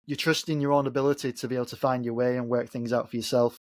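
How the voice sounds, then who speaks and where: A man's voice: medium pitch, level tone, quick pace, no echo, studio quality. A man co-hosting a podcast in casual chat, reflecting on travel and asking his partner follow-up questions. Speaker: podcast co-host.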